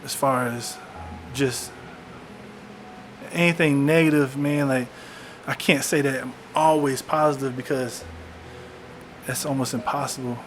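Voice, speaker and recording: A man's voice: mid-range voice, fairly even intonation, a little slow, pauses often, slight background noise. A young man talking candidly in a personal video diary, reflective, often saying "man". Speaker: vlogger documenting his illness. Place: in a parked car. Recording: music playing underneath.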